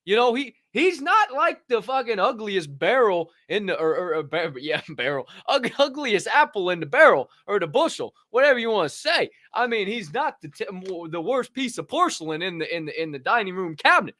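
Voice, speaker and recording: A man's voice: sits high, very animated, moderate pace, few pauses, sharp tone, dry recording. A man hosting a casual crypto news podcast, rambling and profane with lots of fillers and a dry throat. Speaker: podcast host.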